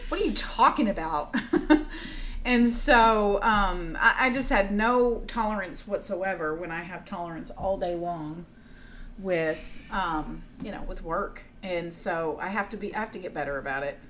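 A woman co-hosting a podcast, chatting in an animated, joking way with slangy phrasing. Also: on the low side, unhurried. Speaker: podcast co-host. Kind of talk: casual chat. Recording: noisy background.

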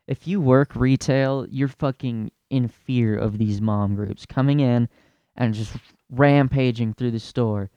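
A young man hosting a comedy podcast, ranting in a profane, exasperated way with loud outbursts. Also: medium pitch, a little slow, dry recording, lo-fi sound. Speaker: podcast host.

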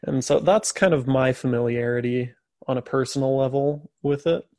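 An American man co-hosting a podcast retells a story in casual conversation, tossing in jokey, sarcastic asides. His voice is medium-pitched and somewhat dark, at a moderate pace, recorded dry.

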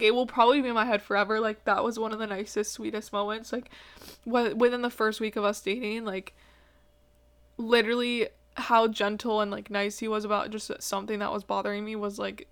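A woman's voice: a little high, a bit bright. A young woman hosting her own podcast, talking about relationships in a rambling, emotional way with lots of fillers and swearing, tearful at times. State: tearful, crying. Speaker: podcast host. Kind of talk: casual personal podcast monologue.

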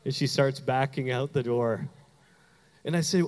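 Animated preacher in a reverberant hall. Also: male voice, mid-range voice, normal speed. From Canada. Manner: animated storytelling, acts out quoted voices. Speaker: pastor. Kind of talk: sermon with personal story.

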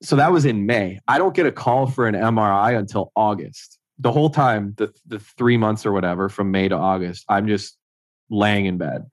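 A man's voice: fairly low pitch, moderate pace, no room sound. A man, a guest telling personal stories in a casual way, often acting out what others said. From Ontario, Canada. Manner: conversational, acts out others' lines, frequent "like". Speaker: interview guest.

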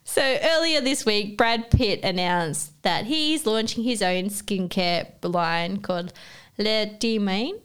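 A woman's voice: medium pitch, lively intonation, takes it slowly, hardly any pauses, a bit bright, clean tone. An Australian woman co-hosting a casual chat, reading out news items with wry asides. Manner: wry, reads out stories with asides. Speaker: podcast co-host.

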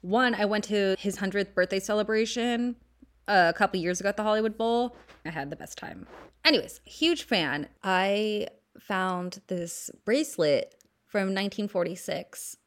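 A woman's voice: mid-range voice, moderate pace. A young woman from the San Fernando Valley with a Valley Girl accent, hosting a podcast in casual, candid, profane chat. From San Fernando Valley, California. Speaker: podcast host.

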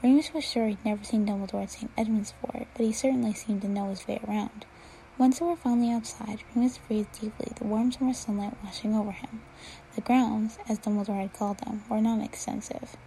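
A woman reading fan fiction aloud at an unhurried pace, dropping to a whisper now and then. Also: medium pitch, steady tone, creaky, warm tone, slight background noise, rough recording. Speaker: reader.

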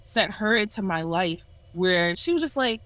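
A woman in her twenties, a ministry leader, shares a candid personal testimony on a podcast, earnest and self-reflective. Her mid-range voice is expressive and a bit bright at a moderate pace, though the dry recording has poor audio.

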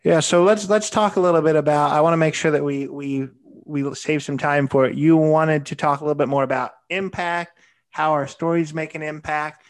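A man hosting a casual interview, talking in a relaxed, easygoing way and often repeating words. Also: fairly high pitch, normal speed. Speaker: podcast host.

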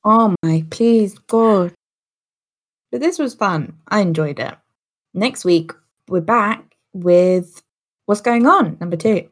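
A woman's voice: mid-range voice, animated, slow. A woman co-hosting a podcast in casual chat, playful and teasing. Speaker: podcast co-host.

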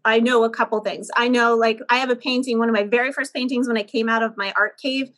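A woman guest in a casual interview chat, telling animated stories and laughing a lot. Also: on the high side, quick pace. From Pennsylvania, USA. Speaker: guest, painter.

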